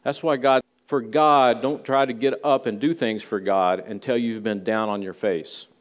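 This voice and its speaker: A man's voice: mid-range voice, steady tone, normal speed. A male pastor giving a conversational sermon in a church, with folksy asides to the congregation. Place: church sanctuary.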